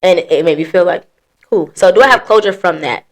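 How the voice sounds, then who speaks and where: A woman's voice: on the low side, a little fast, a little hiss or hum. A woman hosting a podcast, telling her story in blunt, profane casual chat. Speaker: podcast host.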